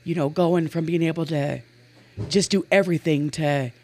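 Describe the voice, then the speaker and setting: A woman's voice: low-pitched, steady tone, moderate pace, mellow, a little hiss or hum. A woman in her forties from Montana, a guest telling stories earnestly and with animation, often laughing as she talks. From Montana, USA. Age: 40s. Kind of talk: casual storytelling in an interview.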